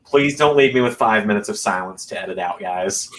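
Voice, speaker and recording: A young man hosting a podcast, chatting casually and making quick, wry remarks. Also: on the low side, slight background noise. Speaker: podcast host. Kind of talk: casual chat.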